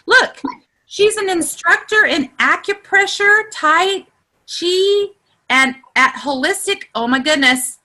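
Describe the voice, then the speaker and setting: A woman giving a casual online training session over a video call, chatty and exclamatory, her voice climbing high whenever she gets excited. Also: slow. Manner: chatty and exclamatory, with many "look" and "you know". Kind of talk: casual instructional talk.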